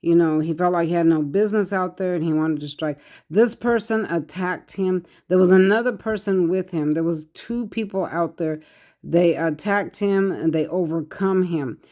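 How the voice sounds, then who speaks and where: A tarot reader, talking to viewers in short, halting, repetitive bursts of earnest speech. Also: mid-range voice, dark tone. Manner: earnest, addresses viewers directly. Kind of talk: tarot card reading monologue.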